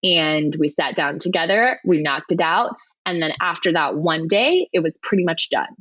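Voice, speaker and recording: A woman in her thirties talks through her work story as a podcast guest, animated and quick to laugh. Her voice sits low for a woman. The sound is dry and a little dull. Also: dry recording. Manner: animated, laughs often, frequent restarts. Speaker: podcast guest, web designer. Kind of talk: conversational storytelling.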